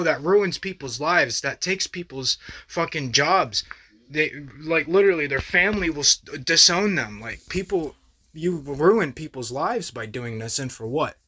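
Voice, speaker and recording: A man's voice: a little high, sharp tone. A young man hosting a reaction video, talking in heated, profane, exasperated casual commentary.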